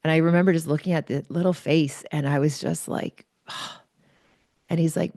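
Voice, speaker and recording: Low, gravelly-voiced woman telling a personal story. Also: fairly even intonation, normal speed, warm tone, no room sound, clean studio sound. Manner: candid, chatty, many fillers. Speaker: podcast host.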